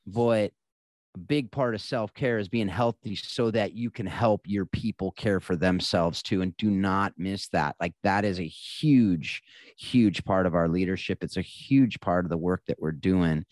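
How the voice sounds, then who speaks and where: A man co-hosting a podcast, talking in a relaxed, conversational way and going quieter when he reflects. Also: low voice, no room sound. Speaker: podcast co-host. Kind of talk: casual podcast chat.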